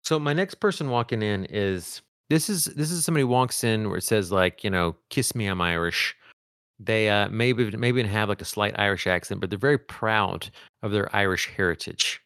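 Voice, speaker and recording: Low-voiced rambling podcast man. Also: moderate pace, clear, resonant tone, dry recording, studio quality. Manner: rambling, restarts often, animated. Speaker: podcast co-host. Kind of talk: casual chat.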